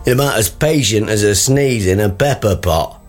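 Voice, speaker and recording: An actor playing a dry-witted, gruff father in a radio comedy. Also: fairly low pitch, normal speed, soft background music, natural voice. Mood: exasperated. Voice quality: dry sarcastic wit. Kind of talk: radio comedy drama acting.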